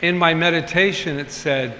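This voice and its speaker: A man's voice: fairly high pitch, steady tone, normal speed, sharp tone. A male pastor giving an informal sermon in a chatty, candid way with humorous asides, recorded in a church sanctuary. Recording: reverberant hall, faint ambient noise.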